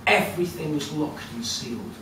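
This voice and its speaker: A man telling a folk tale live at a storytelling cafe, lively and conversational with asides to the audience. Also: a little high, normal speed, recorded from a distance. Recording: echoey room heard from afar with noise.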